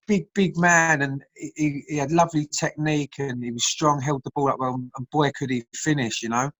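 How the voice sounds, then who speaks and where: A man's voice: mid-range voice, steady tone, moderate pace, few pauses, fairly bright tone, poor audio. A man, a former footballer telling stories in casual chat, laughing often, over a video call. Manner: chatty storyteller, laughs often.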